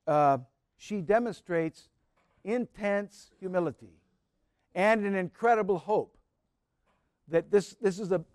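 A man with a high, bright-edged voice delivers a sermon in a storytelling way. He climbs to fervent, pleading cries and then drops back to quiet asides. The sound is dry and close, with no room echo. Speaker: pastor.

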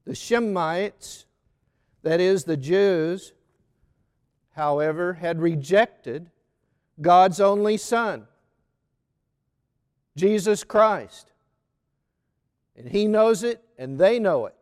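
A man preaching a sermon on a Gospel reading, slow and deliberate, stressing lists of words one by one. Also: high voice, smooth, big-room sound.

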